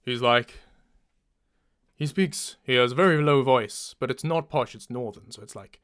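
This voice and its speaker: A man's voice: medium pitch, moderate pace, a bit bright, dry recording, studio quality. A man from Surrey with a Southern English accent, chatting casually during a livestreamed audiobook session and teasing himself about his accent attempts. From Surrey, England. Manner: chatty, self-deprecating, tries out voices. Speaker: audiobook narrator and author. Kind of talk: casual livestream chat while recording.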